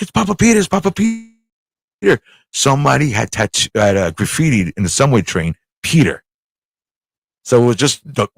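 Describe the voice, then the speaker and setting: A man's voice: lowish voice, no echo. A man hosting a casual live talk show, rambling, swearing freely and repeating himself as he tells a story. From United States. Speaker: show host.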